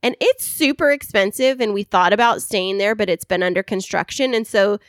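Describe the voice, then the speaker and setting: A woman's voice: mid-range voice, normal speed, no echo, studio quality. A young adult woman co-hosting a podcast in casual chat, bubbly and affectionate, laughing often. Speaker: podcast co-host.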